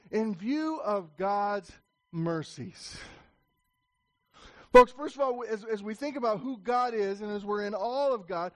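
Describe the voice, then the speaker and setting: A man preaching a sermon to his congregation in a church, emphatic and repetitive, raising his voice to call for attention. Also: very high voice. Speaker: pastor.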